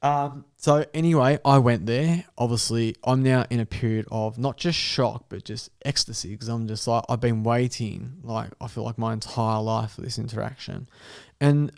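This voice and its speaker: A man's voice: medium pitch, moderate pace, gravelly, clean tone. A man, a podcast guest telling a wild story in casual chat, swearing freely and acting out the dialogue. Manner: animated storyteller, swears freely, laughs often, acts out dialogue.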